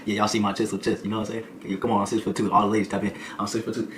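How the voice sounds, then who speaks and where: A young adult man, a streamer, telling a comedic storytime in an animated, slangy way, peppering his lines with "boy" and "folk". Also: lowish voice, rapid-fire, background noise.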